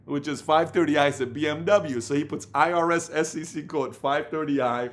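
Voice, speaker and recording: A man giving a motivational business talk, telling stories in an animated, rambling way with many fillers. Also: fairly high pitch, normal speed, hardly any pauses. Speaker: company leader giving business advice.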